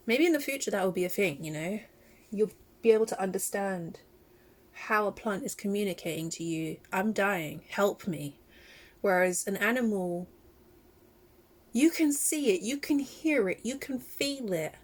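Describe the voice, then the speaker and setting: A woman's voice: mid-range voice, moderate pace. Emotional woman vlogger reacting. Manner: emotional, animated, laughs often. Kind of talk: casual reaction vlog.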